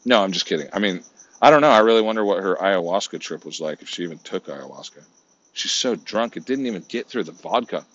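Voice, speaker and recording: A man with a very deep, husky voice rants profanely, drifting from one tangent to the next and muttering asides. The recording sounds muffled and lo-fi. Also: a bit bright. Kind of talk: rambling comedic rant.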